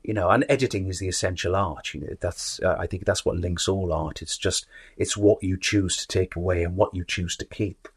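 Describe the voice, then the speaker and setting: Low husky man, interview guest, thoughtful, repeats words as he thinks. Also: fairly quick. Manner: thoughtful, restarts and repeats words while reaching for ideas. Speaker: actor and author, guest. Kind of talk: conversational interview.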